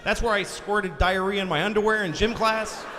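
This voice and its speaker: A man's voice: sits high, steady tone, normal speed. A man from Boston doing a crude, blunt stand-up comedy set on stage in a large concert hall. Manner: blunt, crude, exasperated rants. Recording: live theater recording with audience noise.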